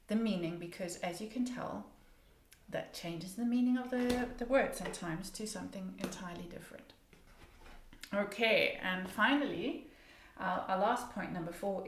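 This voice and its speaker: A woman pronunciation coach teaching English casually, slowly demonstrating sounds and repeating words, encouraging her viewers. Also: medium pitch, reverberant. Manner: encouraging, speaks directly to viewers.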